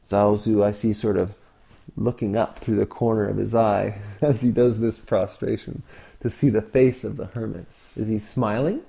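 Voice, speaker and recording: A man giving a reflective Zen dharma talk, asking rhetorical questions with long pauses. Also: fairly low pitch, steady tone, vocal fry, mellow, slightly rough. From Canada. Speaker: Zen teacher.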